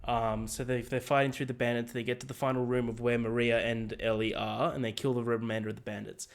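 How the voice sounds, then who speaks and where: A man co-hosting a podcast, retelling scenes in a lively, casual way and acting out characters' lines, swearing freely. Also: medium pitch, fast talker. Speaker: podcast co-host. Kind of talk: casual chat. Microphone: remote call.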